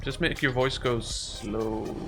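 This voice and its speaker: A man's voice: medium pitch, steady tone, takes it slowly. A man streamer in casual chat, hesitant and trailing off. His voice sits mid-range. Faint music plays behind him.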